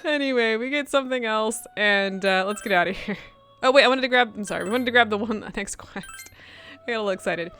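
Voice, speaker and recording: Woman let's-play host, bright voice, casual self-correcting chat. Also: on the high side, quick pace, faint music behind. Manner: chatty, self-correcting, laughs often. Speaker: gaming channel host.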